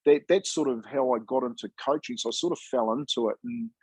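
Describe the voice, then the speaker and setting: Easygoing ex-coach from New Zealand, 50s, husky and dry-miked, chatty storyteller. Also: male voice, mid-range voice, brisk, a little mellow, dry recording, poor audio. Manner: laid-back, chatty, says "mate" often, acts out quoted dialogue. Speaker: former rugby league player and coach, guest. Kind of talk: casual storytelling interview.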